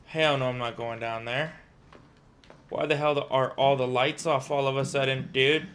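A man's voice: medium pitch, fairly even intonation, moderate pace, a bit bright. A young man playing a horror game and chatting to viewers. He gets jumpy and talks to himself as he plays. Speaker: gaming streamer. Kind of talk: casual let's-play commentary.

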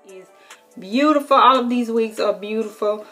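A woman's voice: on the high side, normal speed, fairly bright tone, faint music behind. A woman with a Southern US accent, a military service member giving an encouraging, casual how-to vlog chat, full of ums and repeated words.

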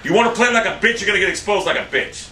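High wild-swinging guy cussing out players while gaming, goes from mumbling to yelling, far from the mic in an echoey room. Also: animated, rapid-fire, slight background noise. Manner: swings from low muttering to loud shouted outbursts; profane, taunting. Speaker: gameplay commentator. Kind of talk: angry live game commentary. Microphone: room mic with webcam on him.

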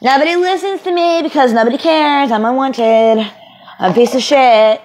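A woman's voice: high-pitched, normal speed, darkish tone, a little hiss or hum, lightly acted, poor audio. A young woman acting a volatile young woman kicked out by her family, ranting and swearing with sarcasm in an amateur film. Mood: angry.

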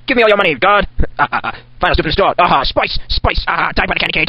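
A man's voice: high voice, racing, slightly rough, no room sound. A man giving in-character game commentary as an insane Santa, cackling and ranting in a manic way, on a sped-up home recording. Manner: manic, cackling, putting on a crazed Santa persona. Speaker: gamer playing in character. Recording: dull lo-fi sped-up desktop recording.

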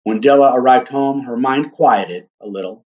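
A man reading a story aloud in a gentle, deliberate way, speaking now and then to his listeners. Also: mid-range voice, dull audio. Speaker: reader.

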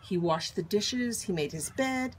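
Older woman, expressive storybook reader, lively high-leaning voice. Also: measured pace, slight background noise, low-quality recording. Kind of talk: reading a children's picture book aloud.

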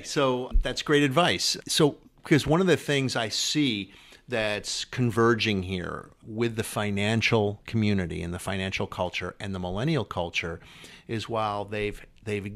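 A man's voice: fairly low pitch, moderate pace, a bit bright. A man hosting a podcast interview, chatty and prone to repeating words as he thinks. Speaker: podcast host.

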